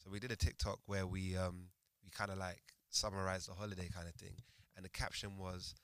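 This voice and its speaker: Fast-talking man with a London accent. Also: deep voice, clear, resonant tone, no echo, studio quality. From Uganda. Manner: animated storyteller, laughs often, London slang. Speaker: podcast guest. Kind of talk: casual chat.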